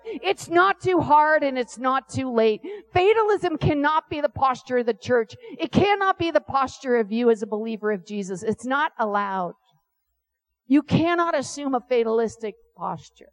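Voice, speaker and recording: A woman preaching a sermon, telling stories with lively asides and acting out the voices of people she quotes. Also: high voice, moderate pace. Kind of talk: animated sermon storytelling.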